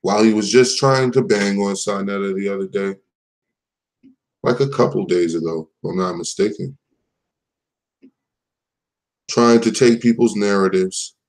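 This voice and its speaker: A man's voice: fairly low pitch, normal speed, a little mellow, low-quality recording. A man hosting a live commentary stream, talking in a casual, profane, mocking way and laughing at his own jokes.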